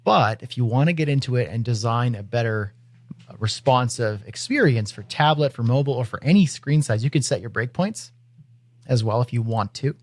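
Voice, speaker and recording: A man's voice: mid-range voice, brisk, no room sound. Easygoing male co-host, dry sound. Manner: relaxed and easygoing, with filler "uh"s. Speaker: podcast co-host. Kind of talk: casual podcast chat.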